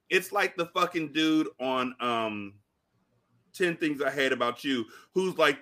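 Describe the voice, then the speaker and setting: A man with a slightly high voice talks at a measured pace while co-hosting a podcast. His casual chat is full of lively storytelling and heavy swearing.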